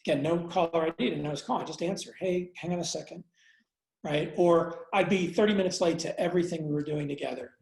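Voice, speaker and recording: A man recounts a personal story as an interview guest, reflective and unguarded, stopping and restarting his sentences. His voice has a gravelly fry and the room rings with noticeable echo. He swears casually and talks without polish. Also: on the high side, darkish tone. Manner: reflective, halting, many fillers and restarts. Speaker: interview guest, entrepreneur and investor. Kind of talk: candid conversational storytelling.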